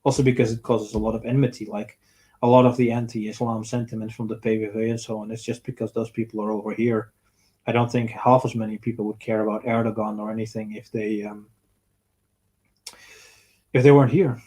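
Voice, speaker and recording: A man's voice: lowish voice, level tone, fairly quick, dark tone, poor audio. A young man, bluntly reading out viewer questions and giving his opinions on a casual livestream. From Netherlands. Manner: blunt and opinionated, reads out questions then answers. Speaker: streamer answering viewer questions.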